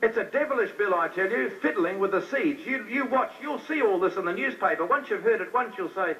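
Male preacher, high and forceful, fervent sermon, distant muffled recording. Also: lively intonation, a little fast, a little hiss or hum. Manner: fervent, talks straight to the crowd with rhetorical questions. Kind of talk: fiery sermon.

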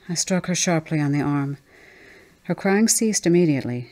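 A woman reading a ghost story aloud as an audiobook narrator, measured and tense. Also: deep voice, expressive, a little mellow.

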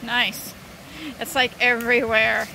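A woman's voice: fairly high pitch, flat delivery, slow, gravelly, noisy background. Chatty, scattered woman vlogging outdoors. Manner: chatty, scattered, flits between topics. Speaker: vlogger, homeschooling mom. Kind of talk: casual vlog. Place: outdoors on a windy day.

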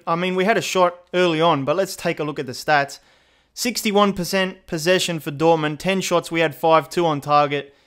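Aussie guy narrating his football game, kinda high voice, moaning at the defending then hyped on chances. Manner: exasperated, chatty, excitable at big chances. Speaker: gaming YouTuber. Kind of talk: casual gameplay commentary.

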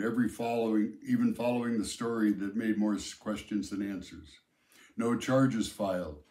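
Low-voiced man narrating a novel. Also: a little mellow. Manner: measured, plain storytelling. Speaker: audiobook narrator. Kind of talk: first-person audiobook narration. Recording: roomy echo.

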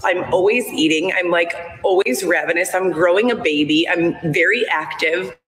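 A woman in her thirties, voice on the low side and fairly bright at normal speed, chats on a phone live stream. Her talk wanders with frequent "like" and "um," and the sound is echoey and roomy.

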